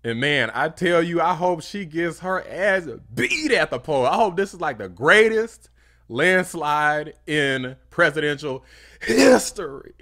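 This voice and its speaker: A man's voice: fairly high pitch, a little slow, hardly any pauses, bright, forceful tone. A man hosting a political commentary vlog, talking bluntly and heatedly and throwing insults. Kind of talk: opinionated commentary.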